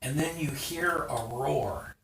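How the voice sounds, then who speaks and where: Slow-talking game master in a noisy room. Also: medium pitch. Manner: unhurried narration with frequent "um". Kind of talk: narrating a tabletop game. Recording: roomy, distant, noisy live stream.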